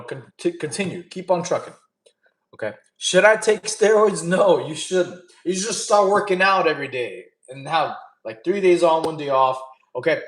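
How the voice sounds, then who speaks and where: In an echoey space, a thirty-something man with a higher-pitched voice streams from a campfire setting. He casually reads chat questions aloud and answers with straightforward, laid-back fitness coaching.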